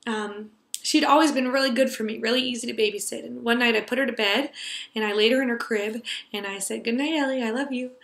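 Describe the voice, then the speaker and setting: A young woman tells a heartfelt personal story to a class. Her voice sits a little high and sounds bright and clear. She speaks earnestly and tenderly, dropping to a near hush in the quiet moments. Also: steady tone, fairly quick, echoey room.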